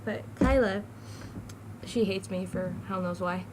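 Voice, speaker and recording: A woman's voice: mid-range voice, measured pace, background noise. Giggly rambling teen girl vlogger. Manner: chatty, giggly, jumps between topics. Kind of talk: casual rambling vlog.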